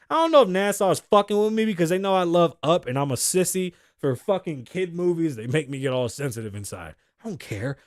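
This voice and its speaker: A man hosting a podcast, talking in casual, profane, animated commentary and acting out quotes. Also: a little high, no echo, clean studio sound. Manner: animated, swearing, joking, acts out quotes. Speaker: podcast host.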